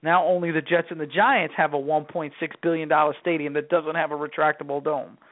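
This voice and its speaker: A man co-hosting a casual sports chat, laying out his points in a steady, explaining way. His voice sits a bit high. It comes through thin and tinny, like a phone line. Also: a little fast. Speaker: sports talk show co-host.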